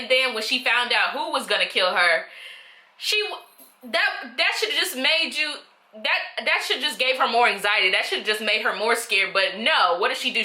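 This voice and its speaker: A woman vlogger gives casual reaction commentary, chatty and opinionated. She sometimes calls her viewers "girl". Her voice sits a little high and sounds bright and sharp, and the recording carries a noticeable room echo.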